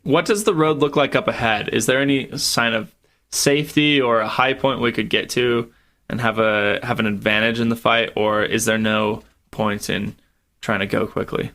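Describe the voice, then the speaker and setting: A man's voice: medium pitch, steady tone, normal speed, pushed and bright. A man playing a tabletop game, talking casually and eagerly with the group. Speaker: player.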